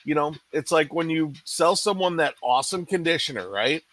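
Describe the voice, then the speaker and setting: A man's voice: on the high side, expressive, moderate pace, a bit bright. A man co-hosting a salon industry podcast, ranting in casual chat with frequent restarts. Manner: ranting, many restarts and "you know". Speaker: podcast co-host.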